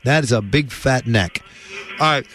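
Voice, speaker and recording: A man hosting a comedy radio show, playful and quick to laugh as he riffs with a caller. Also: mid-range voice. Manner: animated, laughs often, playful.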